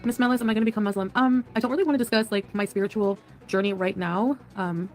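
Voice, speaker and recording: A woman's voice: medium pitch, steady tone, fast, a little mellow, faint music behind. A woman on an archived live stream, answering her chat with giggles and evasive replies. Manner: giggly, evasive, keeps things private. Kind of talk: casual live stream chat, played in a reaction.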